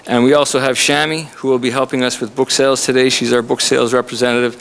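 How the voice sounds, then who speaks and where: A man's voice: medium pitch, little pitch movement, quick pace, vocal fry, fairly bright tone, a little hiss or hum. A man, a college instructor, introducing a visiting author to an audience in a chatty, joking way. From Canada. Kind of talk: humorous introduction speech to an audience. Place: college lecture room.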